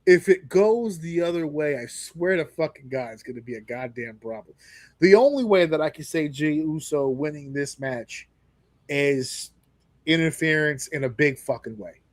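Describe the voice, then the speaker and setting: A man co-hosting a podcast in casual wrestling talk, animated and profane, acting out quotes in exaggerated voices. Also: a little high, moderate pace, dry recording. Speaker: podcast co-host.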